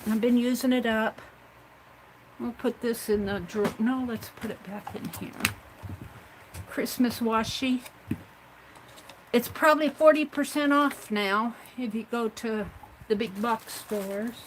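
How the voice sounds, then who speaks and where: A woman's voice: a little high, fairly even intonation, unhurried, pauses often, a little hiss or hum, poor audio. A woman hosting a casual craft livestream, chatting to herself and viewers as she tidies her supplies at home. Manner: chatty, talks herself through tidying up.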